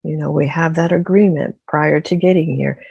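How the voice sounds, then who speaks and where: A woman's voice: low voice, fairly even intonation, normal speed, gravelly, husky, dry recording, muffled recording. An older woman, a podcast guest, telling her story with emphatic, repeated phrases. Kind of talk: casual interview storytelling.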